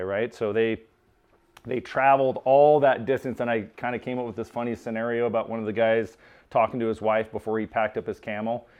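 A man preaching in a relaxed, conversational way, telling stories with many restarts and casual asides. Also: mid-range voice, highs cut off. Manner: informal, lots of restarts and "like". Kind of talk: conversational sermon storytelling.

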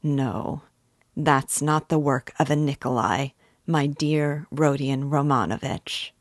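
A shrewd middle-aged magistrate, read by a woman, who leans on every point with calm, slow insistence. The delivery is unhurried and the sound is close and dry. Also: extremely low pitch, dry recording, exaggerated voice. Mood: probing.

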